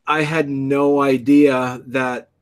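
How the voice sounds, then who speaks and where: A man's voice: mid-range voice, level tone, slow pace, smooth, natural voice. A man voicing a wildly smiling old-fashioned male winter fairy with a thick, dated Irish brogue, earnest and a little hesitant. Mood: wistful.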